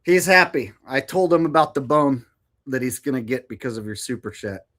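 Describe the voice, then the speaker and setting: A man's voice: medium pitch, normal speed. A man hosting a livestream, chatting casually and a bit sarcastically while reacting to news clips and reading viewer messages. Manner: chatty, sarcastic, loose and animated. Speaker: livestream host. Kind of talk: casual commentary reading viewer super chats.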